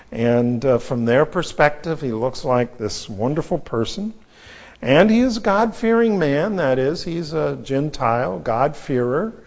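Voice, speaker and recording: A man teaching through a Bible passage verse by verse, in a measured, explanatory way with frequent asides. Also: medium pitch, darkish tone. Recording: dull lo-fi recording.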